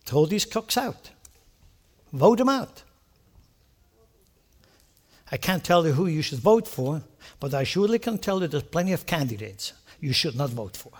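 Male pastor with a high voice, preaches an animated sermon, keeps asking the congregation questions. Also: measured pace, pauses often. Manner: animated preaching with rhetorical questions and acted-out prayers.

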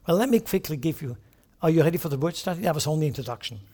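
A man with a high, light voice preaches to his congregation, explaining and emphasizing as he teaches. His words ring out with the long reverb of a large hall. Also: animated, very fast, dark tone. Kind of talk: sermon.

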